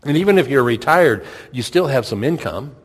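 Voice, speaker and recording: A middle-aged pastor preaches at a middling pitch, chatty and plainspoken, stacking rhetorical questions and circling back to repeat himself. His voice carries through a church sanctuary with a long hall reverb. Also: lively intonation, moderate pace, breathy edge. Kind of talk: sermon.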